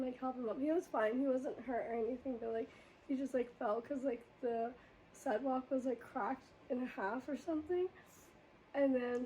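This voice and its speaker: Young woman, high voice, casual storytelling, frequent laughter, faint background noise. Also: dull audio. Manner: animated, laughs often, acts out voices in her story. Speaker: podcast host.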